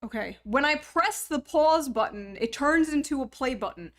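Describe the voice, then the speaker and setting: High-voiced young woman streamer joking around. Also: lively intonation, normal speed. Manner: joking, rambling, self-mocking. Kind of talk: casual live-stream chat.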